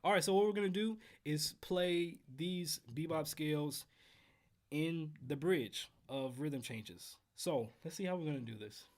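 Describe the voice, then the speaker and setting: A man hosting a casual livestream trumpet lesson from home, counting in exercises and chatting with viewers in a relaxed way. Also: on the high side, unhurried. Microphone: headphones while streaming.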